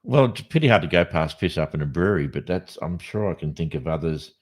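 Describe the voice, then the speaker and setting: Deep-voiced Australian man in casual chat. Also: fast. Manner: rambling, animated storyteller with many restarts. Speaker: podcast co-host. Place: Western Australia.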